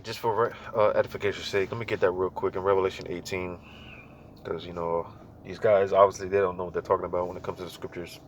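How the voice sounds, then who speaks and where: Guy w a lowish voice, laid-back preachy commentary, slangy and repetitive. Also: level tone, quick pace, a little hiss or hum. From United States. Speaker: religious commentator. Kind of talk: casual religious commentary.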